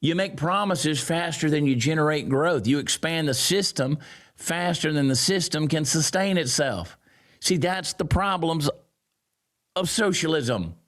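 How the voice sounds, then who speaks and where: A man giving sarcastic, mocking political commentary, swinging from loud jeers down to low grumbles. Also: lively intonation, a little slow. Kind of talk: ranting commentary.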